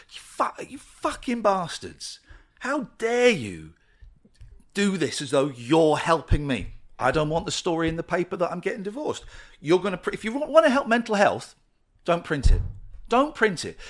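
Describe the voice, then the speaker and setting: A man's voice: fairly high pitch, fairly bright tone. A man, a radio presenter guesting on a podcast, talking candidly and launching into a passionate, swearing rant. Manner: impassioned, swearing ranter. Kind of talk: candid conversational interview.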